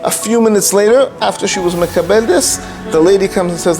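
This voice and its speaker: A man, a rabbi, telling a story in an animated way and mixing Hebrew and Yiddish terms into his talk. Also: high voice, fairly quick, over music. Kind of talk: storytelling lecture.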